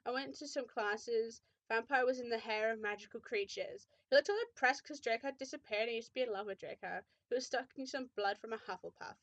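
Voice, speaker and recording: A woman's voice: fairly high pitch, fairly quick, few pauses, no echo, muffled recording. A woman giving a comedic dramatic reading of fan fiction, with sarcastic asides and frequent swearing. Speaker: channel host reading fan fiction aloud.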